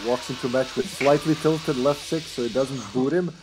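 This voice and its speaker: A man's voice: mid-range voice, steady tone, moderate pace, music in the background. A man streaming a horror game with friends, trading dry, teasing remarks over voice chat. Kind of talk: casual gaming banter over voice chat.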